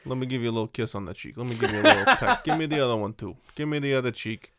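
Brief: a man doing a doting but menacing mobster, clipped and swaggering, lively pitch. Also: racing, over a noisy crowd, close to an everyday voice. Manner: swaggering, clipped tough-guy talk. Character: tough-talking male mobster, menacing yet doting.

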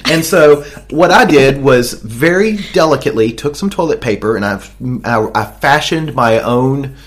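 Crude, rambling Australian man, lively pitch. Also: normal speed. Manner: crude, rambling storyteller who laughs at his own jokes. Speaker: podcast co-host. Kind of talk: casual chat. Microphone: desk microphone.

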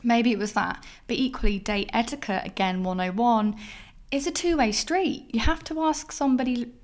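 A young woman hosting a solo podcast, telling stories in a candid, expressive way and swearing freely. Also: on the high side, normal speed. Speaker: podcast host.

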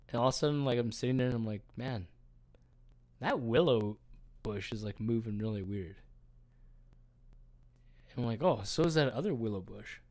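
A man's voice: mid-range voice, expressive, unhurried, pauses often. Rambling, profane man telling a story. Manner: rambling, filler-heavy, profane. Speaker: podcast co-host. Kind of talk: casual chat, storytelling.

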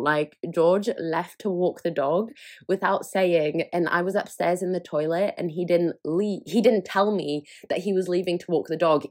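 Frank, chatty woman, low-pitched. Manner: frank and chatty, laughs often, swears freely. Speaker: podcast host. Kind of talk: candid solo podcast chat.

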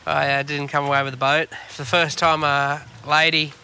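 Bright-voiced Australian man, laid-back. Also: a little high, level tone, moderate pace, slight background noise. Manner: laid-back, rambling, swears freely. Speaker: podcast co-host. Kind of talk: casual chat. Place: on a boat on the water.

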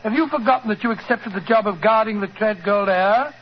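An actor playing a blustering, loyal Victorian doctor in a 1940s radio drama, often flustered and stammering. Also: male voice, sits high, fairly quick, close to an everyday voice. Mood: exasperated. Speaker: doctor and narrator. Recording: dull, faintly hissy 1940s radio broadcast.

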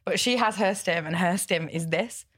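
A young woman, chatting as a podcast guest and telling stories with lively impressions of other people. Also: moderate pace. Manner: animated storyteller, acts out voices of others with big pitch jumps. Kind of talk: casual chat.

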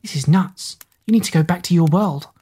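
A spirited teenage girl who asks blunt, curious questions, voiced by a woman. Her voice is low with a husky edge, as heard in a storybook reading. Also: fairly quick, mellow. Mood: startled.

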